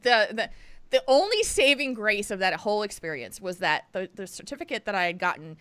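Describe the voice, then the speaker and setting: Her medium-pitched voice is expressive, a bit fast, pushed, bright, and smooth, captured in a dry recording. As a podcast co-host she tells a story casually, frequently laughing and dropping to a whisper to quote others.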